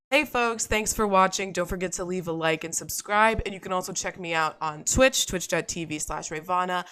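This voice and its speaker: A woman's voice: fairly low pitch, moderate pace, few pauses, a bit bright, dry recording, clean studio sound. A woman hosting a reaction video, reading messages aloud in blunt, profane casual commentary. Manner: blunt and profane, gets heated.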